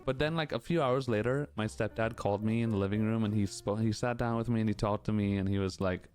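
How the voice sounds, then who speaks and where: Low-voiced male streamer, casual rambling chat, candid, filler-heavy, faint music under him. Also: quick pace. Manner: candid, rambling, full of "like" and "you know". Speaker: streamer answering chat questions.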